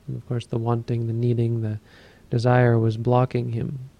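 A man who teaches Buddhism, giving a dharma talk and telling a story in a calm, measured way. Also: medium pitch, creaky, lo-fi sound.

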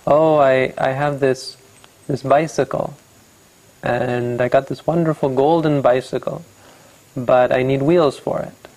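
Plaintive reborn boy in a spoken parable, a man telling it, gravelly voice. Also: medium pitch, steady tone, measured pace, a little mellow, natural voice, low-quality recording. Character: dead young man reborn as a radiant boy.

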